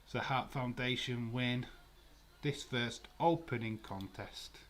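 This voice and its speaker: A man's voice: medium pitch, slow, fairly bright tone. A man hosting a casual live watch-along stream, chatting loosely, swearing and laughing as he answers viewer comments.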